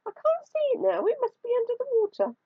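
A woman's voice: very high-pitched, wildly swooping pitch, fast talker, no room sound, pitched above the performer's own voice, exaggerated voice. A woman voicing a lazy, tricky male spider in a storybook read-aloud, chanting spells and turning frantic when he is in trouble. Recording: dry, slightly dull recording.

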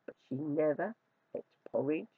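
A storyteller reading a fairy tale aloud in an expressive, drawn-out way, on a dry, dull recording. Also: medium pitch, husky, no echo.

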